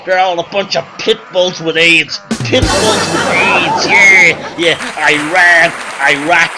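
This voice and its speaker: A man playing a sleazy, brash male nightclub comedian who works a crowd with crude, shouty patter. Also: high voice, steady tone, takes it slowly, loud music behind the voice, voice pushed up.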